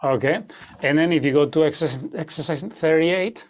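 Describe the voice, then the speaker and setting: Fairly high-voiced male guitar teacher, explanatory and loose, checking in with students often. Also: normal speed. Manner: explanatory, frequent "okay?" check-ins, hesitant fillers. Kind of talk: online masterclass teaching.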